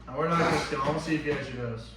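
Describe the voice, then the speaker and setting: A man's voice: fairly high pitch, rapid-fire. A man co-hosting a casual chat among teammates, teasing his friends as he quizzes them. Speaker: podcast co-host running a quiz. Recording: echoey room, far from mic, noisy.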